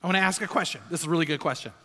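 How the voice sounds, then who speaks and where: Male pastor, middle-aged, storytelling sermon style with emphatic repeats, bright tone. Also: on the high side, very fast. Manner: storytelling preacher, emphatic repetition. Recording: long hall reverb.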